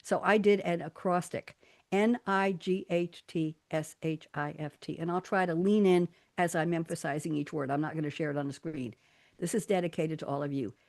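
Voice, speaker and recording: A woman's voice: deep voice, fairly even intonation, normal speed, darkish tone. An older woman hosting a live radio talk show, reading quotes and poems aloud in a playful, theatrical way and laughing often. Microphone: studio mic.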